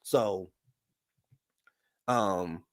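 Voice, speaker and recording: A man's voice: sits low, extremely slow, clear, resonant tone, no echo, studio quality. A man hosting a reality-show recap channel, telling a story casually and animatedly to his viewers, calling them "y'all". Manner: animated, chatty, addresses viewers as "y'all" and "baby".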